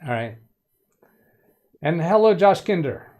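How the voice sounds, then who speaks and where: A man's voice: on the high side, very animated, slow, warm tone. A man hosting a casual tech-help live stream from a home studio, chatty, greeting viewers by name and making light puns. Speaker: livestream tech help host.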